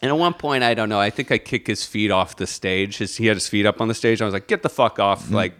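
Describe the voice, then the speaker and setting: A man's voice: fairly low pitch, quick pace. A male comedian co-hosting a podcast, telling stories in casual chat, laughing often and acting out the people he quotes. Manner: animated storyteller, laughs often, acts out quotes.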